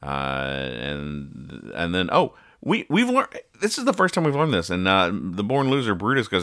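A man's voice: low-pitched, huge pitch swings, moderate pace, hardly any pauses, fairly bright tone, no room sound, studio quality. A man hosting a casual podcast where he reads the comics, rambling and joking with many restarts. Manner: rambling, jokey, stumbles and restarts. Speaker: podcast host. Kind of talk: casual comic-reading chat.

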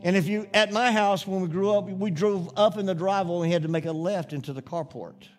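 A man's voice: high voice, brisk, faint music behind. A middle-aged man preaching a sermon, telling a childhood story in a folksy way before building to fervent preaching. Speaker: pastor.

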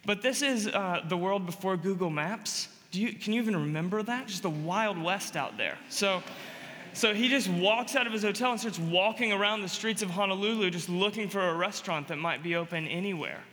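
A man preaching with a fairly high voice that carries into a long, ringing hall reverb. He tells a story as a pastor, rising to loud emphatic lines and sinking to quiet, hushed ones. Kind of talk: sermon.

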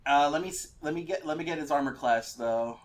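Game master, a man with a fairly high voice, stumbling through narration. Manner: halting, full of fillers and restarts.

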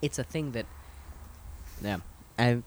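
A man's voice: medium pitch, slow pace, slight background noise. A young man co-hosting a casual podcast, laid-back and goofy, chatting about a race. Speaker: podcast co-host. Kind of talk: casual chat about motor racing.

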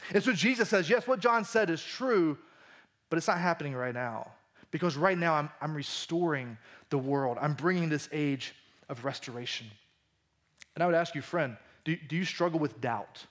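A man preaching a conversational sermon as pastor in a church, swinging between emphatic lines and hushed ones. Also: a little high, normal speed.

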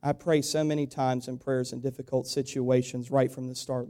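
A man preaching a sermon to his congregation, speaking conversationally and asking them rhetorical questions, building up in volume and then dropping to a quiet, confiding tone. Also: mid-range voice, little pitch movement, fairly quick, hardly any pauses. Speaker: pastor.

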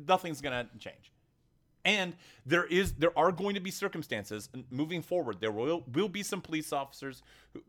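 A man co-hosting a podcast, talking in a heated, emphatic way during a casual discussion. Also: a little high. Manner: animated, emphatic, heated storytelling. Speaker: podcast co-host.

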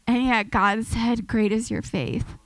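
A woman preaches in a relaxed, testimony-style sermon, earnest and chatty, with frequent restarts and light laughs. Her voice sits somewhat high, and the recording is close and dry with no room sound. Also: takes it slowly, no echo, poor audio. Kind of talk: informal sermon.

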